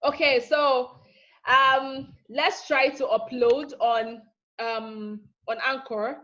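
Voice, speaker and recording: A woman's voice: high-pitched, fairly even intonation, slow, sharp tone. A woman teaching a live online class, chatty and teasing, checking in often with "okay?". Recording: dull lo-fi.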